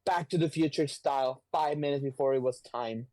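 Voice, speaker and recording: A man casually retelling a comic book story on a podcast, slipping into quick voices for the characters, swearing freely and clearing his throat often. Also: medium pitch, dark tone.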